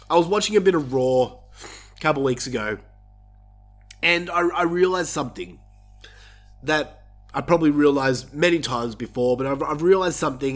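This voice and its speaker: A man hosting his own wrestling show, giving casual predictions in an opinionated, worked-up rant while sick with a cough. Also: medium pitch. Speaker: wrestling podcast host.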